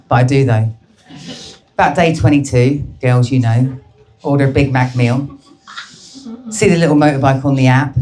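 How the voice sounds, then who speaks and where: A woman's voice: low voice, a little mellow, slight background noise. A woman performing a brash, crude stand-up comedy set, teasing the crowd at a live show.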